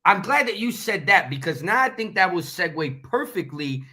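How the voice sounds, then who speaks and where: A man chats loosely and slangily as he introduces a clip. His voice is bright and forceful, pitched a little above the average. He rambles and corrects himself as he talks. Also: very animated, moderate pace, slight background noise. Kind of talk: casual chat.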